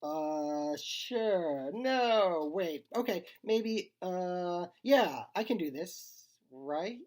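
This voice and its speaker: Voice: medium pitch, lively intonation, extremely slow, a little mellow, voice pushed up. A reader voicing a nervous young boy, hesitant and jittery, in a spooky storybook reading.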